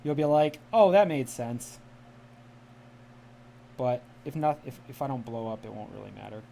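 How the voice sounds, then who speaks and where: A man's voice: medium pitch, quick pace, creaky, mellow, a little hiss or hum. A man from the Midwest chatting casually on a livestream, enunciating carefully in a polished media-style voice. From American Midwest. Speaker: livestream host. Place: home room with a cat.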